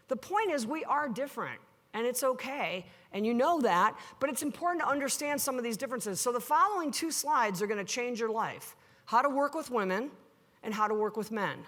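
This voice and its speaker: Keynote speaker, woman, high voice, animated storyteller, big hall with long reverb. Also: a little fast. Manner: animated storyteller acting out dialogue, playful with the audience. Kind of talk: live conference keynote. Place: large hall before an audience.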